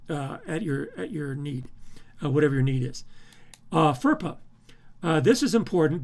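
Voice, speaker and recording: A male university professor walking through a course syllabus, emphatic, with frequent restarts and repeated words. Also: on the high side. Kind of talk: recorded syllabus walkthrough.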